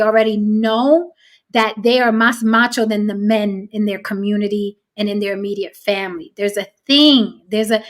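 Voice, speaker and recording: A woman's voice: a little high, fairly bright tone. A woman hosting a casual podcast, speaking emphatically and repeating her points. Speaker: host.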